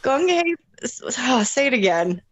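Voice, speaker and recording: A woman's voice: high voice, sing-song, measured pace, muffled recording. A woman co-hosting a casual chat, chatty and playful. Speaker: co-host. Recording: faint background noise.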